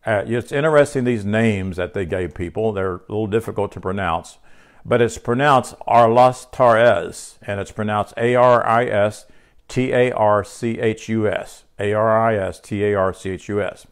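An older male preacher delivers a sermon with a somewhat low voice. He speaks earnestly and a little haltingly, restarting phrases and repeating words as he works through his teaching. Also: smooth.

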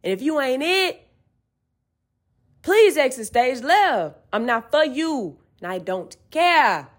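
Woman host, high voice, fiery preachy rant full of swearing. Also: big pitch swings, slow. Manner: profane, fiery, preachy and emphatic. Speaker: podcast host. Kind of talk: emphatic spiritual rant.

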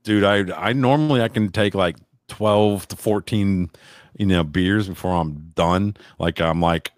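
A man's voice: deep voice, measured pace, no room sound, clean studio sound. A man in a casual podcast chat, telling rambling stories with crude jokes. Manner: rambling, crude joking storyteller.

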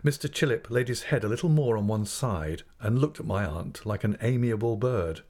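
A male narrator with a fairly low voice tells the story of a classic novel for an audiobook, scripted and delivered in a steady, expressive way.

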